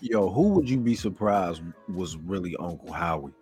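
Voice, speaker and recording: A man's voice: sits low, lively intonation, moderate pace, darkish tone, soft background music. Man firing off teasing quips. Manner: wry, teasing, short quips. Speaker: podcast co-host. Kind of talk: casual chat.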